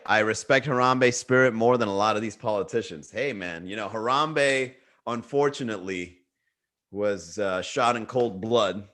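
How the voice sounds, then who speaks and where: A man's voice: lowish voice, fairly bright tone. Rambling jokey man hosting a livestream. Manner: rambling, jokey, reads viewer comments aloud. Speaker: livestream comedy host. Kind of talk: casual comedic livestream chat. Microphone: webcam or desk mic for a livestream.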